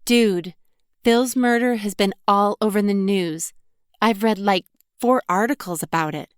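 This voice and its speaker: A woman's voice: medium pitch, a little slow, clean tone, dry recording, clean studio sound, lightly acted. A woman reading an audiobook, voicing a chatty, blunt young college woman who talks in casual slang and teases her friend. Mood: lively. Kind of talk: audiobook character voice.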